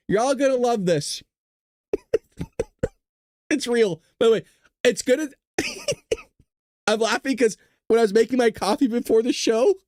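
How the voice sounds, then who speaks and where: A man's voice: extremely high pitch, a little mellow, no echo. A tired male host riffs through the news in a casual livestream, cursing often and breaking into giggles. He rambles loosely between reading and reacting, and his voice is close and dry. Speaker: show host.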